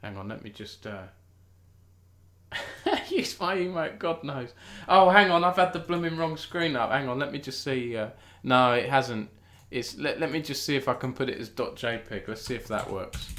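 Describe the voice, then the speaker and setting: A man's voice: mid-range voice, expressive, normal speed, a bit bright, reverberant. A British man hosting a casual live-streamed esports news chat. He talks in a chatty way, restarts often and thinks aloud.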